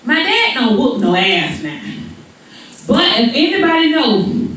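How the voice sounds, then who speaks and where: A woman in her forties doing stand-up storytelling, animated and rhythmic with repeated asides, in an echoey venue heard from far off. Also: sits high, a little slow. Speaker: stand-up comedian. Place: comedy venue.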